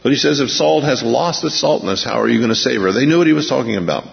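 Male pastor, emphatic sermon, mid-pitched voice, long hall reverb, muffled lo-fi sound. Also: gravelly. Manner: emphatic preaching, slowing for scripture readings.

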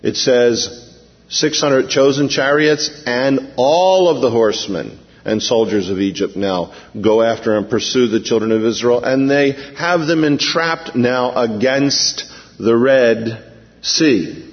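A man preaching a sermon in a lively storytelling manner, often acting out the panicked cries of the people in the story. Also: mid-range voice, takes it slowly, big-room sound, highs cut off. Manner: animated, acts out frightened voices of the people in the story. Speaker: pastor.

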